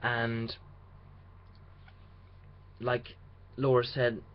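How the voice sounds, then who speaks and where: A man's voice: mid-range voice, completely flat delivery, very slow. A young man talking through a casual video diary about his radio drama rehearsals, chatty and rambling with restarts. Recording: dull lo-fi sound with faint hiss.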